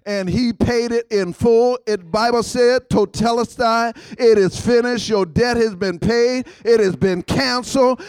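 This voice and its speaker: A man with a high voice preaches a call-and-response sermon, pressing each point home by repeating phrases. He swings from ringing outbursts down to hushed lines. The sound is close and dry, with no room around it. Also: clean tone, dry recording. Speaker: guest preacher.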